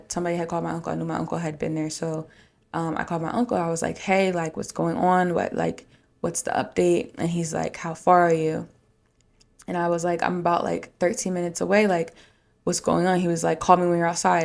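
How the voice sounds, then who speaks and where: A young woman hosts her podcast alone, recounting a painful personal story. Her voice sits low with a gravelly fry, and her pitch stays fairly flat. She rambles emotionally, leaning on "like" again and again. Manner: emotional, rambling, many "like" fillers. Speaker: podcast host.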